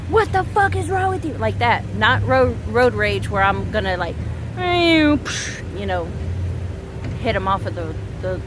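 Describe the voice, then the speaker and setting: A woman in her thirties venting on a casual vlog, rambling and halting, swearing often. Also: medium pitch, noisy background. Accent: Southern US. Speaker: vlogger.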